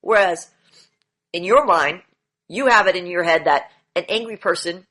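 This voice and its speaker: Man, coach, bright forceful voice, blunt and repetitive, online training lecture. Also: high voice, moderate pace. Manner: blunt, lecturing, repeats key phrases, swears now and then.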